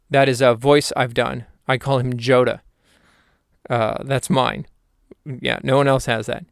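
Animated, rambling man host. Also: medium pitch, measured pace, vocal fry, no echo, studio quality. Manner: animated, jokey, rambling, talks to himself. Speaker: podcast host and hypnotherapist. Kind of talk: casual solo monologue.

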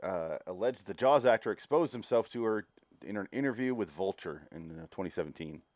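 A man's voice: fairly low pitch, lively intonation, brisk, a little mellow, no room sound. A man co-hosting a podcast in casual chat, reading headlines aloud and swearing casually. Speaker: podcast co-host.

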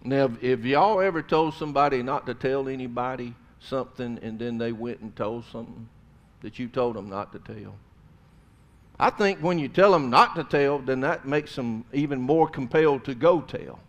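A man preaching a sermon, swinging between loud emphasis and hushed tones. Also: mid-range voice, normal speed.

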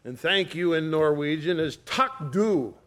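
Male pastor, folksy sermon storyteller, somewhat high-pitched. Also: expressive, a little slow, a bit bright.

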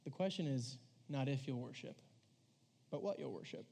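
A man preaching a casual sermon to a church audience, conversational and animated, acting out voices and saying "like" a lot. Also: mid-range voice, normal speed, vocal fry. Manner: animated, conversational, acts out voices, says "like" often.

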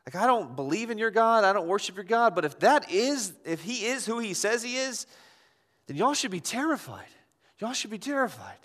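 A man's voice: high-pitched, sing-song, moderate pace, fairly bright tone, voice pushed up. A man pastor voicing a nervous ancient governor in casual modern slang during a sermon. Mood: uneasy. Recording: long hall reverb.

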